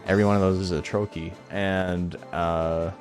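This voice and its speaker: A man's voice: low-pitched, little pitch movement, moderate pace, soft background music. A man streaming a game tournament, chatting casually and rambling in a laid-back way, swearing now and then.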